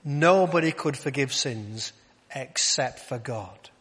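Male preacher, conversational sermon, rhetorical questions, quiet emphasis, long hall echo. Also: medium pitch, lively intonation, slow pace, breathy edge.

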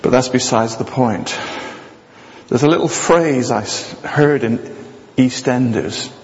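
A man preaching a sermon with jokey asides, swinging between loud, high passages and low, quiet ones. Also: slow pace, gravelly. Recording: dull sound with long hall reverb.

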